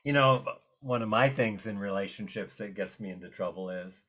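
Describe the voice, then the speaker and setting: A man interviewing an author and asking relaxed questions about his book. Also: fairly low pitch, moderate pace, slightly rough.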